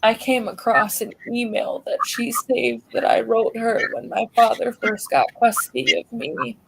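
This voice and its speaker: A young woman speaking heartfelt and halting about her late mother, at times swearing, as a grieving daughter on a livestream. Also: a little high, flat delivery, gravelly, breathy edge, low-quality recording. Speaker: grieving daughter sharing a memorial tribute. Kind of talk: emotional personal talk on a livestream.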